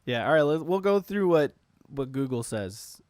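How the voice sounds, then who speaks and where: A man's voice: a little high, animated, normal speed, darkish tone, dry recording. Laid-back swearing male podcast host. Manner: laid-back, swears freely, laughs often. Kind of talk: casual chat.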